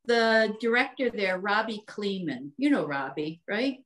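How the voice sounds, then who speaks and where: A woman's voice: medium pitch, unhurried, crowd noise, rough recording. A woman in her sixties, a hockey coach and physical therapist, telling stories in a casual podcast chat, laughing often and acting out what people said. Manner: animated storyteller, laughs often, acts out voices.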